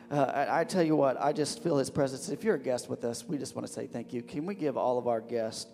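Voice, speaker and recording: A man's voice: medium pitch, fast talker, few pauses, a little mellow, big-room sound, faint music behind. A man preaching as pastor of a church, fervent and repetitive, often restarting his words. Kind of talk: sermon. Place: church sanctuary.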